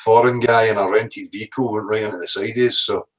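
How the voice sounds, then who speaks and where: A man's voice: on the low side, steady tone. A Scottish man hosting a casual livestream chat, greeting viewers by name over a video call. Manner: chatty, reads out viewer names quickly. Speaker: livestream host.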